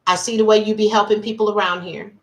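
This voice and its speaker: A woman voicing a calm, encouraging male college professor in a measured, sincere way. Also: mid-range voice, close to an everyday voice. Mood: earnest.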